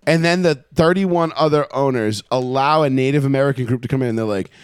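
A man in casual podcast chat, loose and profane and quick to joke. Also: mid-range voice, smooth, dry recording, studio quality.

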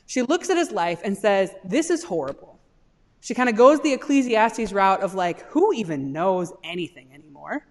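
A woman delivers a sermon in a lively voice that swings up and down. Her pitch sits a little high. Her voice carries a long reverb through the hall. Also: moderate pace. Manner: animated, rising to impassioned pleas when voicing Job. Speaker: pastor.

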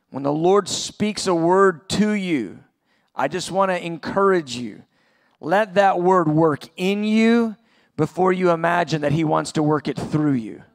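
High gravelly earnest preacher man. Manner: earnest, builds to impassioned peaks. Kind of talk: sermon. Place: large venue, conference session.

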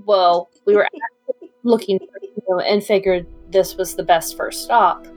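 A woman's voice: mid-range voice, fairly even intonation, slow, faint music behind. Playful woman player. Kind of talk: tabletop role-play chat.

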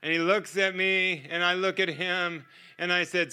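Brief: American male preacher, higher voice, very bright and ringing tone, storytelling testimony style. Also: fairly even intonation, normal speed, smooth. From United States. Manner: vivid storyteller who acts out dialogue and laughs often. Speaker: guest preacher.

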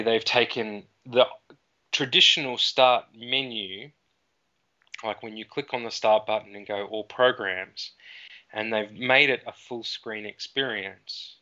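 A man with a low voice and a bright, forceful edge talks through technology as a guest, rambling and hedging as he explains. The recording is dull and lo-fi. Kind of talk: casual tech chat.

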